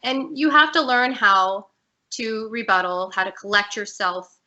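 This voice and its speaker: A woman speaks as a guest over a video call, her voice bright and clear. She talks openly and earnestly about her own life, at a mid pitch for a woman. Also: a little slow, lo-fi sound. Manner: earnest, candid, emotional at times. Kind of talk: personal story in an interview.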